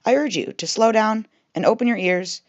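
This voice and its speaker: A woman's voice: on the high side, normal speed, no room sound. A young woman with a Midwestern American accent, reading a scripted narration in a wry, conversational way. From Midwestern United States. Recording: slightly dull, dry voice-over.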